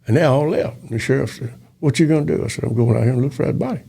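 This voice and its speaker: Older guy, real gravelly and husky, folksy ex-cop telling stories. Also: mid-range voice, rapid-fire, dark tone. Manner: folksy, acts out dialogue in quoted voices. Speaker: retired police officer storyteller. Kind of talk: casual storytelling interview.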